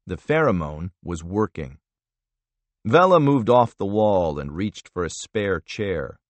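Deep-voiced man narrating a thriller. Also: no room sound. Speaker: audiobook narrator.

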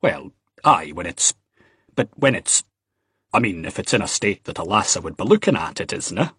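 A man voicing a proud, touchy young man with a Scottish accent, earnest and quick to take offence. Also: deep voice, sing-song, fairly bright tone, slightly rough, no room sound, studio quality, full character voice.

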